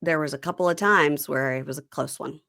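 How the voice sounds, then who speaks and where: A woman hosting a casual recap chat, chatty and quick to mimic people in silly voices. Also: sits low, vocal fry, bright, forceful tone, no echo. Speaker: podcast host.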